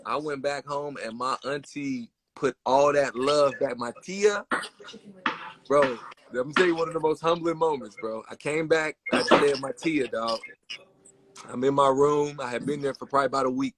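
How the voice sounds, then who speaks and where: A man from the west side of Chicago, telling animated, slangy stories in a casual livestream chat. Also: medium pitch, moderate pace, background noise. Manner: animated storyteller, slangy, addresses listener as bro.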